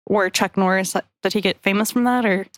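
A woman's voice: mid-range voice, fairly even intonation, brisk, no echo. A woman from Mississippi co-hosting a podcast, rambling and giggling through crude comic chat. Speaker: podcast co-host.

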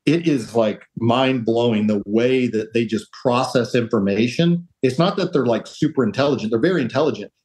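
A man's voice: mid-range voice, moderate pace, few pauses, a little mellow, rough recording. Earnest rambling man giving advice. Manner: earnest, rambling with many restarts and fillers; acts out quoted voices of others. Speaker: podcast guest, real estate entrepreneur. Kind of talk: casual interview talk.

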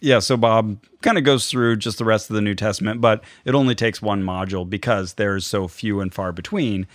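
A man co-hosts a podcast, chatting casually with dry, wry humor. His lowish voice is steady and brisk, with no echo.

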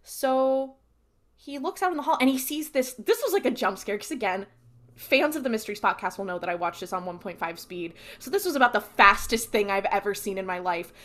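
A woman's voice: mid-range voice, a little fast. A woman co-hosting a podcast, recapping a TV episode in casual chat and acting out the lines. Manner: animated storytelling, acts out quotes. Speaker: podcast co-host.

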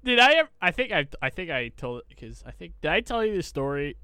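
A man's voice: on the high side, big pitch swings, brisk, pushed and bright, clean tone, no room sound, studio quality. A young man co-hosting a casual podcast, laughing often and mimicking customers while ranting and swearing freely. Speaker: podcast co-host. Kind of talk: casual chat.

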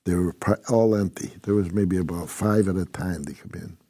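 A man's voice: low voice, moderate pace, mellow, slightly rough, no room sound, studio quality. An older man from upstate New York, a former prison inmate telling his story in a blunt, rambling, constantly swearing way. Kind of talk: casual profane storytelling.

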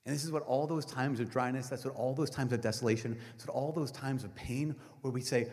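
Man, middle-aged priest, sermon, animated storytelling, loud to hushed, long hall reverb. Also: mid-range voice, a little fast.

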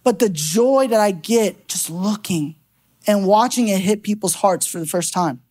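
A woman preacher giving a sermon in a church, telling a story in an animated, conversational way with bursts of laughter. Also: medium pitch, a little slow. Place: church sanctuary.

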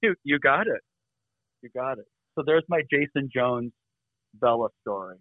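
A middle-aged man, a guest, telling stories in an energetic, upbeat way, his pitch jumping up suddenly. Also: normal speed, no echo. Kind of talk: casual storytelling. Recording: dry phone-like call audio.

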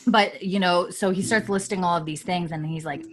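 Rich: A young woman, chatty and loose, recapping a TV episode for her co-host. Her voice sits on the low side, and she piles on fillers as she narrates. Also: a little fast. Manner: chatty, filler-heavy retelling, laughing often.

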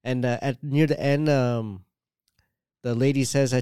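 A man's voice: medium pitch, steady tone, a little slow, mellow, clean tone, dry recording, clean studio sound. A man in casual chat, telling stories in a rambling way full of "like" and quoted asides.

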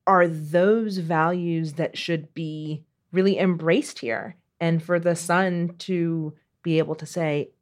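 A woman's voice: on the low side, fairly even intonation, takes it slowly, hardly any pauses. A woman co-hosting an advice podcast, talking through a listener's question in a thoughtful, casual way. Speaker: podcast co-host.

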